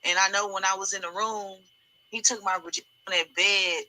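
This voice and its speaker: A woman giving a halting, distressed first-person account, restarting her sentences as she relives painful memories. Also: mid-range voice, steady tone, sharp tone, low-quality recording. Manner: halting, hesitant, many restarts. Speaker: alleged victim giving testimony.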